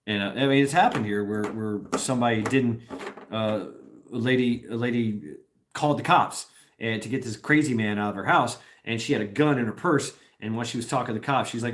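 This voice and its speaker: A man's voice: mid-range voice, moderate pace. A middle-aged man from Tennessee hosting a casual live stream, rambling, swearing and laughing often as he reads comments.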